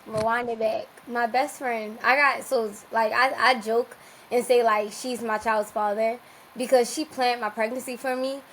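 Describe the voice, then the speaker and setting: A woman guest on a podcast telling a personal story in a casual, animated way, laughing often and restarting her sentences. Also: on the high side, moderate pace, slight background noise, rough recording.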